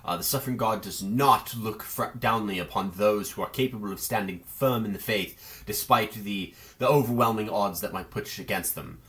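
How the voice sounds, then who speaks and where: A man's voice: on the low side, normal speed, few pauses, fairly bright tone, natural voice. A man voicing an earnest, devout male paladin leader who speaks formally with frequent hesitations. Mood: welcoming. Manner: formal, pious speech with frequent ums.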